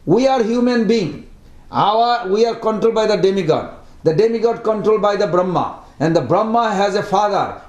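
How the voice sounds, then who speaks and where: An earnest, fervent little boy, put on by a man narrating speaks in a raised, insistent voice and explains things eagerly. A roomy echo surrounds him. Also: high-pitched.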